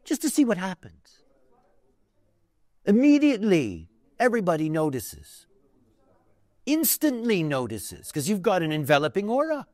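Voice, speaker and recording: Animated man telling stories in a lecture. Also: high voice, unhurried, long pauses, dry recording. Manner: conversational, digressive, many fillers and asides. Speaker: teacher of a spiritual system. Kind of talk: lecture with storytelling.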